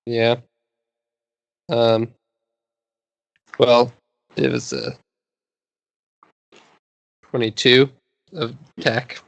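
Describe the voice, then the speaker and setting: A laconic man at a tabletop game answers in short replies. He talks slowly with a gravelly texture, recorded dry and close. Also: mid-range voice, level tone, no room sound. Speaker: player. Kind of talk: casual tabletop play.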